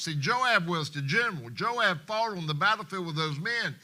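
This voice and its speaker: A man preaching in church with a piercing, sharp-edged voice that sits fairly high for a man. He swings between hushed passages and loud, impassioned emphasis, and reads scripture in old King James wording. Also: expressive, moderate pace, hardly any pauses. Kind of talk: sermon. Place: church live stream.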